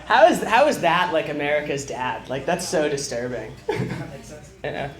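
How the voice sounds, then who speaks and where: A man's voice: a little high, sing-song, measured pace, crowd noise. A man doing a stand-up set, chatty and laughing at his own jokes. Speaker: stand-up comedian. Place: comedy club stage. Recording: roomy club with audience.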